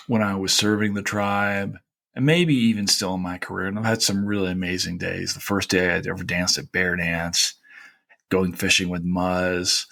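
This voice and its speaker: A man's voice: sits low, vocal fry, fairly bright tone. A man from Kentucky, a historian host, telling a personal story in a rambling, heartfelt way, full of "you know" fillers. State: tearful at times.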